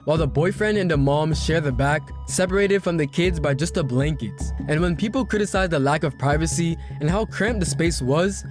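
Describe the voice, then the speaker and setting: A man reads scripted commentary in a dry, even way, his voice a little higher than most men's. Background music plays clearly under every line. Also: a little fast, hardly any pauses. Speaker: narrator of a commentary video. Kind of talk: scripted narration. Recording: music bed behind the voice.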